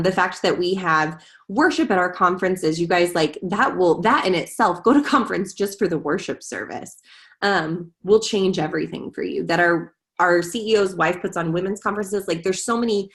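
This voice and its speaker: A woman giving a heartfelt testimonial on a video call. She sounds earnest, rambles a bit and leans on the filler "like". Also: on the low side. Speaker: guest sharing her story.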